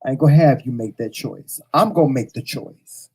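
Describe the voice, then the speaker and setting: A man's voice: mid-range voice, fairly quick, mellow, slightly rough, low-quality recording. A man hosting a casual show, telling a personal story straight to viewers, blunt and profane, repeating phrases for emphasis. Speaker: host.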